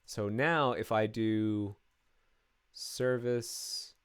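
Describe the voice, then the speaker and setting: Smooth low-voiced man thinking aloud while coding. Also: drawn-out words. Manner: thinks aloud with many fillers and restarts. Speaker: programmer live-streaming his coding. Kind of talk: casual live-coding commentary.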